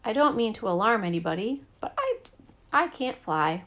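A woman voicing an earnest, stubborn superhero father who speaks gravely and booms his declarations. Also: very animated, moderate pace, dull audio. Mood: determined. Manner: grave, declaring, booming at times.

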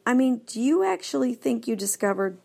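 A woman's voice: on the high side, sing-song, brisk, creaky, voice pushed up, exaggerated voice. A woman doing a prickly golden retriever lady. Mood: skeptical. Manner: skeptical, sharp. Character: proud grown female golden retriever, prickly and touchy.

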